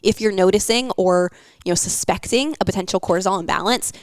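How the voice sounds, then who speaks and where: A woman's voice: mid-range voice, brisk, no echo. A young woman hosting a wellness podcast, talking casually with lots of fillers and an encouraging tone. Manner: chatty, filler-heavy, encouraging.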